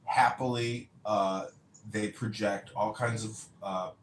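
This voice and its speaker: A man, a candidate hosting a podcast, telling rambling, animated stories in casual chat and swearing freely. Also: lowish voice, takes it slowly. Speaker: mayoral candidate and podcast host. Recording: roomy echo with faint ambient noise.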